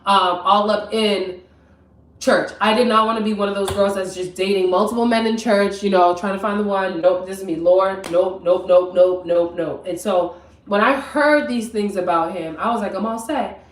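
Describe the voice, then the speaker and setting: Young woman vlogger, casual story time, animated and direct, recorded off mic in an echoey kitchen. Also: medium pitch, moderate pace, far from the mic. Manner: chatty, animated, talks straight to viewers. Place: home kitchen. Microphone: camera mic at a distance. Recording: roomy, from off mic.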